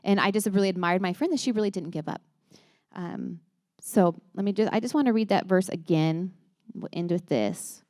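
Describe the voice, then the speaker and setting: A woman, likely in her thirties, shares stories and advice with a church moms' group in a warm, rambling, earnest way, stumbling over words and restarting sentences. Her voice sits at a middle pitch. The recording is close and dry, with almost no room sound. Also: moderate pace, no echo. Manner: chatty and earnest, with many restarts and laughs. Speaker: speaker at a church moms' gathering. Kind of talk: casual talk to a women's group.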